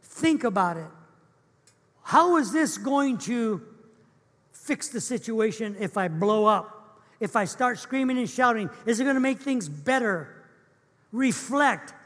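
A man's voice: very high-pitched, fairly bright tone. A man preaching a sermon as pastor in an earnest, emphatic, repetitive way. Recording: echoey church hall.

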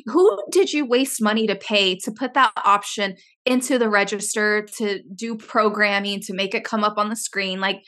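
A woman's voice: mid-range voice, normal speed, few pauses, sharp tone. A young woman telling a story in casual chat, exasperated and swearing freely as she rants.

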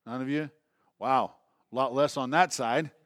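A man's voice: medium pitch, steady tone, a little slow, a bit bright, no room sound, studio quality. A male pastor preaching a conversational sermon, often restarting phrases and checking in with the congregation.

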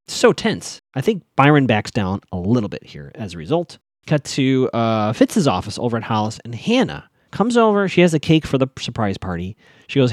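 Man, casual recap host, very expressive pitch, dry close mic. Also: no echo. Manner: animated, acts out characters' lines in quick voices. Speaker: TV episode recap podcaster.

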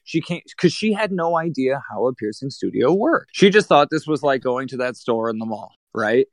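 A man who owns a piercing studio, telling a work story in casual chat with a blunt, profane, animated delivery. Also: mid-range voice, normal speed, dry recording.

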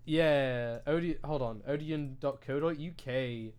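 A man's voice: mid-range voice, slow pace, darkish tone, clear, resonant tone. A young British man chatting casually into a desk mic on a podcast, ranting animatedly with lots of swearing and filler words. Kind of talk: casual chat. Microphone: desk microphone.

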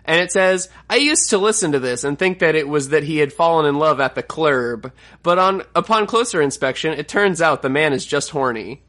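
Male podcast co-host, bright and slightly high, loose and jokey, swears casually. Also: lively intonation, brisk, hardly any pauses. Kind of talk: casual chat about song lyrics.

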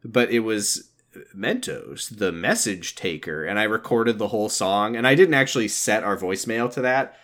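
A man's voice: lowish voice, normal speed, a bit bright. A man co-hosting a podcast, telling stories in a rambling, self-interrupting way. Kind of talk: casual chat.

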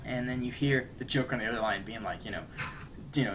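A man's voice: lowish voice, very fast, crowd noise. Man rambling through a casual recap. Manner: rambling retelling, full of "like" and "you know". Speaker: podcast co-host. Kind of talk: casual chat.

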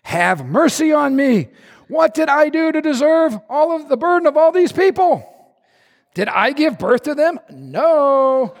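Man doing a worn-out old prophet, whiny and melodramatic, high gravelly pitch. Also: sing-song, unhurried, heavily acted. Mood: exasperated rant. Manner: whiny, pleading, melodramatic complaining. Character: exasperated old male prophet ranting at God.

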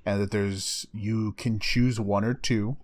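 A man's voice: on the low side, flat delivery, slow. A man casually recapping an anime episode with a friend, laid back and swearing freely. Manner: laid-back, swears, acts out characters in quotes.

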